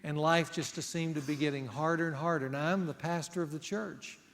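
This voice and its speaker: A male pastor delivers a sermon with earnest emphasis, pressing hard on key words and then dropping to a near hush. His voice sits on the high side for a man. It rings out with a long reverb, as if it fills a large church sanctuary. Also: steady tone, normal speed. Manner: earnest, emphatic preaching that swings between loud and hushed.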